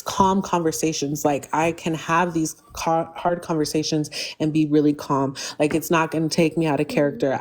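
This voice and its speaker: A woman's voice: low voice, darkish tone. A young woman venting on a live stream, emotional and pleading, with frequent fillers.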